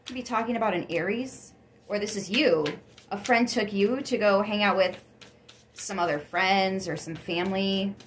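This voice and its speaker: Excitable lady doing a casual tarot reading, chatty, laughs a lot, faint hiss behind. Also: mid-range voice, moderate pace. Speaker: tarot reader.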